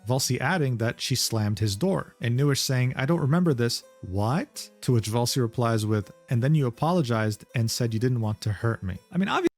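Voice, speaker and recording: A man's voice: mid-range voice, expressive, fairly quick, few pauses, darkish tone, soft background music. A man narrating a drama commentary video, reading out messages with sardonic asides.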